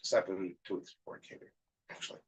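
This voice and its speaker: A man's voice: fast, poor audio. A man on the staff of a yeshiva, telling a story in casual conversation and acting out the people in it.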